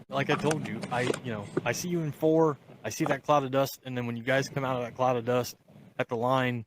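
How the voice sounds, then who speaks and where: A man's voice: medium pitch, a little hiss or hum. A man hosting a podcast in casual chat, eagerly congratulating his guests. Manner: enthusiastic, warmly congratulating. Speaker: podcast host.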